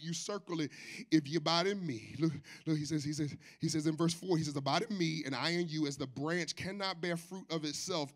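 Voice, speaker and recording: High, bright-voiced fervent male preacher. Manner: fervent preaching, swings between shouted chanting and low asides. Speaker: pastor. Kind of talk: sermon. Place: church service.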